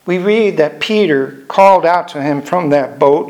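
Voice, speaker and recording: An older man preaching a sermon in a measured way, repeating phrases for emphasis. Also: a little high, darkish tone.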